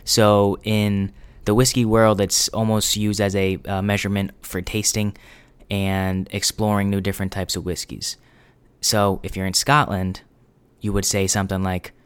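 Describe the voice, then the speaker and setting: A man in his twenties from New England hosts a podcast intro, upbeat and self-deprecating. His voice sits a little low and sounds smooth and clear. He talks in a loose, chatty way. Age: 20s. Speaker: podcast host.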